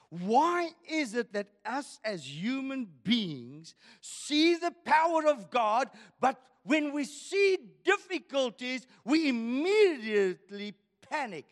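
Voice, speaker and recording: A male pastor preaches in a high, lively voice that rises and falls dramatically. He delivers his lines slowly and with emphasis, pressing the congregation with rhetorical questions. Long reverb trails each phrase through a church hall. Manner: emphatic, rhetorical questions, swinging from loud to hushed. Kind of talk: sermon.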